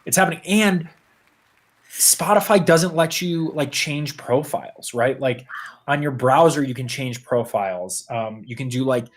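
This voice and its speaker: A man co-hosting a developer livestream, casually explaining code as he works, relaxed and self-deprecating. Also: medium pitch, unhurried. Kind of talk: casual chat while live coding.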